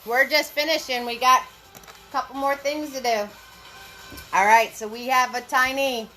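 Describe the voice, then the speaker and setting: A woman's voice: high voice, steady tone, measured pace, pushed and bright, soft background music, poor audio. A woman leading a live painting class, chatty and encouraging, greeting viewers as she goes. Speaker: paint party instructor. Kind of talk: live online painting lesson.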